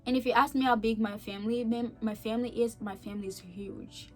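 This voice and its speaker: A young woman giving an earnest personal faith testimony, heartfelt and emotional, talking in a chatty way with many fillers and swinging from soft to emphatic. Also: fairly high pitch, steady tone, brisk, soft background music. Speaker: vlogger sharing a faith testimony.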